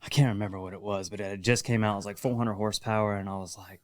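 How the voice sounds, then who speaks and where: Laid-back man with a smooth low voice. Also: steady tone, rapid-fire, no room sound. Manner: laid-back, trails off quietly. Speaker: podcast guest. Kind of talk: casual chat.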